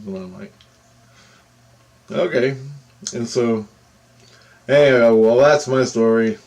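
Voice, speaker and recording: A man telling a personal story in a casual, rambling way, acting out what others said with sudden excited jumps in his voice. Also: slow, creaky, pauses often. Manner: animated, quotes others with big pitch jumps, rambling with restarts. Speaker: storyteller recounting a personal experience.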